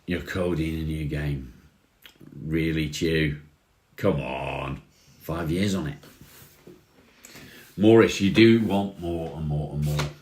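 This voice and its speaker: A man with a very deep, low voice chats casually on a livestream, reading comments and answering them in a relaxed, friendly way. The room around him sounds echoey. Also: takes it slowly, long pauses. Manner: relaxed, chatty, says mate often. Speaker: livestream host.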